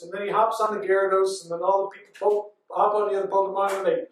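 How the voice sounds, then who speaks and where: Brief: man, 30s, breathless run-on panel storyteller, distant mic in a boomy event room. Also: fairly even intonation, fast talker, few pauses, a little hiss or hum. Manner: breathless, run-on storytelling with frequent ands and laughs. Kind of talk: rambling comic recap. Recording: echoey hall from far off.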